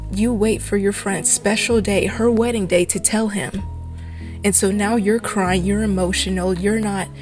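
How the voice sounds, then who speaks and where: A young adult woman giving a fast, exasperated ranting commentary for a video essay. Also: mid-range voice.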